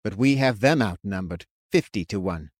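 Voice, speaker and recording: A man voicing an earnest young man who speaks in a steady, comforting and imploring way. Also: lowish voice, normal speed, no room sound, studio quality. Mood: reassuring.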